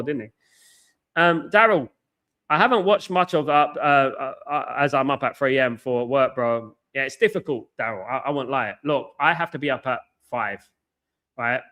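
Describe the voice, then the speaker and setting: Man, live-stream host, excitable, repeats himself, reads chat out, headset mic at home. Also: mid-range voice. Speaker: watchalong host. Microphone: headphones with mic.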